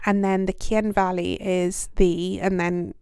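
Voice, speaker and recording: A woman's voice: lowish voice, flat delivery, a little slow, mellow, clean tone, no echo, clean studio sound. A young British woman hosting a podcast, talking in a casual, self-deprecating way with plenty of ums and likes. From United Kingdom. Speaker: podcast host. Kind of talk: casual reflective monologue.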